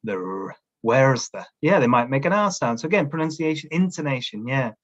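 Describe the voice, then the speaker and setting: A man presents a teacher-training workshop via a video call camera setup, sounding animated, fairly quick and fairly bright at a medium pitch. Through lo-fi audio he gives instructions like a coach, checking in frequently with "all right?"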